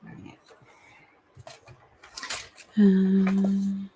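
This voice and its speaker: A woman's voice: mid-range voice, completely flat delivery, drawn-out words, mellow, a little hiss or hum. A woman hosting a casual live stream, chatty and apologetic, with lots of ums and restarts. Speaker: livestream host.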